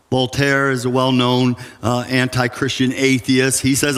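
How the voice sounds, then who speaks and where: A pastor preaching a sermon in an earnest, emphatic way, with dramatic pauses, in a church sanctuary. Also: male voice, medium pitch, monotone, fairly bright tone, clear, resonant tone. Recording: church sanctuary with long reverb.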